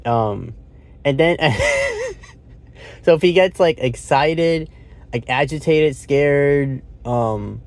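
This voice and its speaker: A man's voice: on the high side, huge pitch swings, drawn-out words. A man talking through a movie in a loose, rambling way from inside a car. He uses lots of fillers, swears casually, and laughs at his own retelling. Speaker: movie reviewer. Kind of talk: casual spoken movie review.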